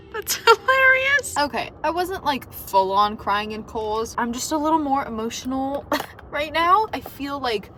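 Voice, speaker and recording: Chatty girl vlogging on her phone, kinda high voice, noisy background. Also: big pitch swings. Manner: chatty and bubbly, quick asides and laughs. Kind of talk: casual vlog chat. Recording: phone vlog with clear background noise.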